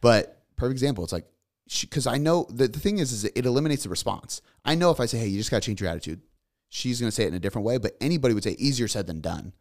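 A man's voice: mid-range voice, big pitch swings, rapid-fire. A man hosting a podcast, chatting casually and animatedly telling a story while acting out the quotes. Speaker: podcast host. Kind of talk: casual chat.

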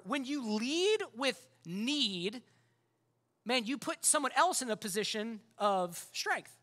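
A man's voice: very high-pitched, sing-song, measured pace, bright, forceful tone. A male pastor preaching a sermon, passionate and conversational, stacking repeated phrases for emphasis. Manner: impassioned, conversational preaching with rhetorical repetition.

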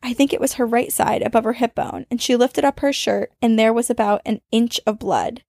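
A woman podcast host reading a listener's ghost story aloud, with dramatic storytelling that speeds up and slows down for suspense. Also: on the high side, vocal fry, a little mellow, no echo.

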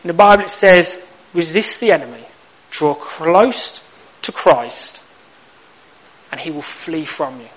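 A man's voice: on the high side, expressive, unhurried, pauses often, low-quality recording. A young man preaching a sermon, telling stories with humor and acting out little exchanges. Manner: humorous storytelling, acts out lines.

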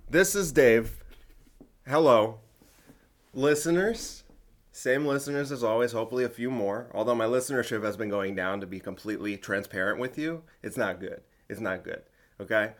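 A man's voice: mid-range voice, moderate pace. A man hosts a casual podcast with friends. He jokes a lot and argues back on purpose to stir things up, in a loose conversational tone. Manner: joking, playfully contrarian. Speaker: podcast host. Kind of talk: casual chat.

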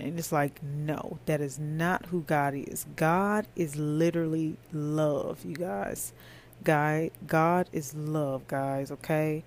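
A woman's voice: deep voice, fairly even intonation, a little slow, darkish tone, a little hiss or hum. Earnest woman preaching to listeners. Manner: earnest, preachy, conversational, addresses listeners as y'all. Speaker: podcast host. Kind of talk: faith podcast monologue.

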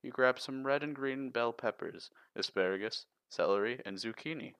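A man co-hosting a casual podcast, reading long riddles aloud in a steady listing way. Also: medium pitch, normal speed, clear, resonant tone, no echo. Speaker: podcast co-host.

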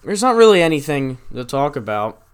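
A man's voice: on the high side, sing-song, smooth. Rambling young man reading the news. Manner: rambling, reads news aloud haltingly with asides. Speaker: podcast host. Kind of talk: solo casual news chat.

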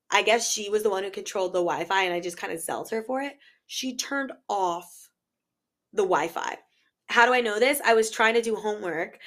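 A woman's voice: mid-range voice, fairly bright tone. A woman in her twenties telling a casual storytime vlog, chatty and exasperated, acting out both sides of past arguments. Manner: chatty, exasperated, quotes herself and others in dialogue. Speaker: vlogger.

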